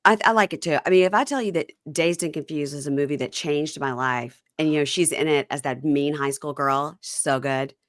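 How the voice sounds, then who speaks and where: Brief: middle-aged woman podcast host, lowish voice, chatty and laughing, dry close recording. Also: dry recording. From Mississippi. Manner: chatty, laughs often, quick asides. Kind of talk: casual chat.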